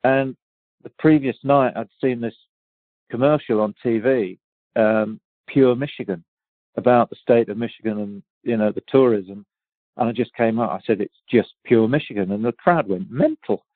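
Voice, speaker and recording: An English guest golfer in his fifties rambles through stories in a casual interview, restarting often and laughing easily. His mid-range voice moves at a normal speed. The audio is dry and tinny, like a phone line.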